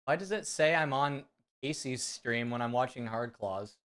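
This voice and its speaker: A man from Central California, chatting casually and excitably with viewers on a live stream. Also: medium pitch, moderate pace, clear, resonant tone. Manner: rambling, excitable, talks to chat. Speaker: fitness streamer.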